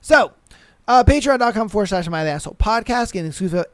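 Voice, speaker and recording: A young man hosting a casual solo podcast, loose and profane, acting out drivers and animals in shouted voices. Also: sits high, expressive, fast talker, no echo. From western United States. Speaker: podcast host. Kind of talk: casual solo podcast chat, reading and reacting to stories.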